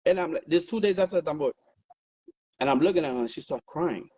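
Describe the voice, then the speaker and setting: A man as an interview guest, telling a story in an animated, profane, conversational way on a livestream. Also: fairly high pitch, fast, low-quality recording.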